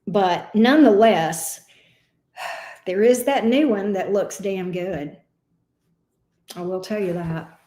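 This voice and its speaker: A woman's voice: mid-range voice, takes it slowly, long pauses, warm tone, reverberant. A woman giving a casual, emotional tarot reading. She talks expressively and swears now and then. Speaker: tarot reader.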